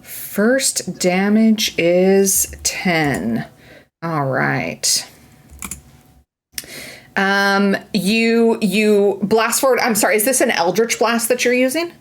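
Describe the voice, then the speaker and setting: A woman's voice: mid-range voice, animated, very slow. Chatty woman running a tabletop game. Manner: chatty, playful, lots of fillers and restarts. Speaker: game master.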